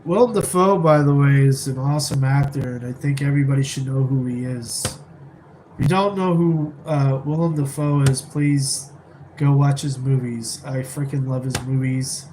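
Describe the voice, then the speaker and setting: A man with a mid-range, darkish voice chats casually on a live stream at normal speed, rambling and laid-back as he answers viewers from a rented apartment. He keeps his voice down, and the rough recording carries slight background noise.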